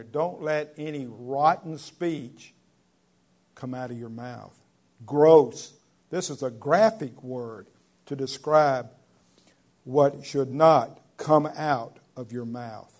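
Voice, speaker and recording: A man preaching a sermon in an earnest, conversational way, with sudden loud stresses on key words. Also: medium pitch. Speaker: pastor.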